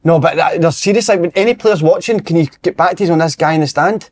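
A man's voice: a little high, fast talker. A Scottish man hosting a podcast, chatting casually and prompting others with questions. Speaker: podcast host. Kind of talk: casual chat.

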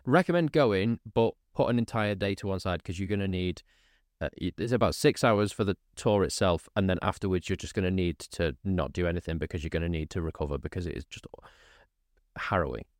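Low-voiced man, chatty host. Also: brisk, no echo, studio quality. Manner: animated storytelling with repetitions. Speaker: podcast host. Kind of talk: casual chat. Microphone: studio microphone.

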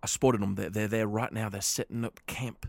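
A man's voice: fairly low pitch, fairly even intonation, gravelly, dry recording. A man voicing a breathless, anxious young male scout who stammers and pants as he talks. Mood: urgent. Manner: stammering, panting, hurried.

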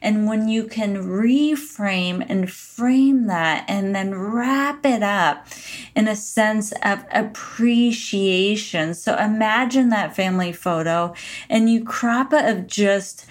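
A middle-aged woman giving a motivational talk as a podcast host, earnest and emphatic, repeating her key phrases. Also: mid-range voice. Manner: slow, earnest, emphatic repetition.

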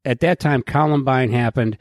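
A man's voice: mid-range voice, normal speed, dry recording, clean studio sound. A man hosting a podcast, talking in casual, profane banter and acting out quoted lines. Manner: animated, profane, acts out quotes. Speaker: podcast host.

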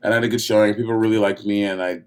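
A man's voice: on the low side, little pitch movement, racing, smooth. An American man, a drag performer, chatting as a guest in a brash, profane way and often laughing. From United States. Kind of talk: casual chat.

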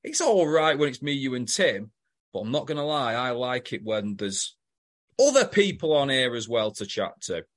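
A man's voice: medium pitch, sing-song, normal speed. Dry, teasing male podcast co-host. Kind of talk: casual podcast chat.

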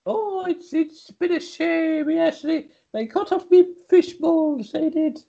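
Cheeky squeaky pet fish, played by a woman, high and chirpy, lo-fi recording. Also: slow, gravelly, dark tone, full character voice. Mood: mournful. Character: small male pet piranha, squeaky and chirpy. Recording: dull lo-fi sound.

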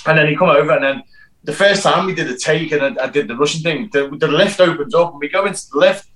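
A man's voice: fairly high pitch, fast, a bit bright, low-quality recording. A man, a stunt performer and actor, chatting in an interview and telling stories animatedly with many restarts and stammers. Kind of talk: casual interview chat.

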